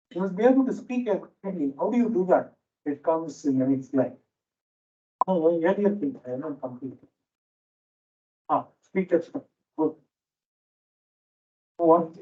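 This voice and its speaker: A man with an Indian English accent, lecturing teachers as a management teacher, telling stories and repeating key phrases for emphasis. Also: high voice. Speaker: management teacher giving a faculty talk. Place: lecture hall with a noisy fan. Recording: dull, distant hall recording.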